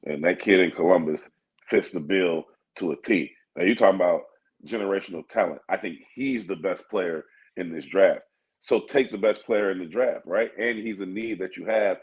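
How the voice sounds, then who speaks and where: A man's voice: sits low, darkish tone, poor audio. A man analyzing sports in casual talk-show chat, thinking aloud and asking "you know what I mean?". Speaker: sports talk co-host or guest.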